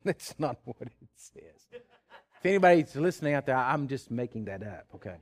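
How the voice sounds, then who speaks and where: A man preaching a sermon in an animated way, with big swings in pitch, stammered repeats and chuckles. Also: moderate pace.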